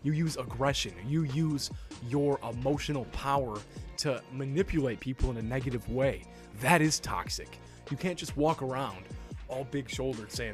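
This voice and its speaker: A young man speaks in a blunt, assertive lecturing tone, laying out self-help advice as if straight to camera. His voice sits at an ordinary middle pitch. A light music bed plays softly beneath him. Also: moderate pace. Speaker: self-help video host. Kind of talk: scripted advice monologue to camera. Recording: faint background music.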